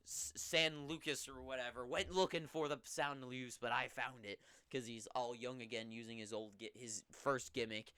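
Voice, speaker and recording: Young male host for a loose solo recap; rambles offhand, breaks into excited bursts, voice bright and clear. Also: medium pitch, normal speed, hardly any pauses, dry recording, clean studio sound.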